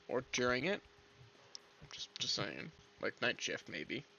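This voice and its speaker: A hoarse man from Canada, streaming while reading a visual novel aloud, casual, joking and swearing. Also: mid-range voice, sing-song, slow, bright, forceful tone, a little hiss or hum. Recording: dull lo-fi.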